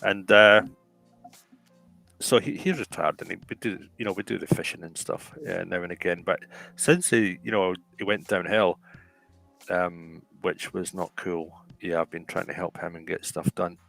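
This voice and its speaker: A low-pitched man with a gravelly, creaky voice chats loosely as a show host. He rambles, repeats himself, and keeps turning to his listeners. Faint music sits under his voice. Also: fairly even intonation, moderate pace, fairly bright tone, low-quality recording. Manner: rambling, repeats and restarts phrases, addresses listeners as folks. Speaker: podcast host. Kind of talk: casual chat.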